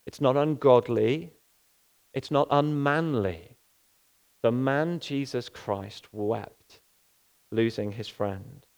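A man preaching a sermon in an earnest, unhurried way, slowing down to dwell on key phrases. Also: mid-range voice, a little mellow.

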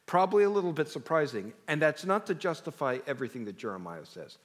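A man preaching a sermon with a rather high voice that rises and falls in lively, animated swings. He talks conversationally and keeps putting questions to his congregation. His emphasis shifts freely from line to line. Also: fast. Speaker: pastor.

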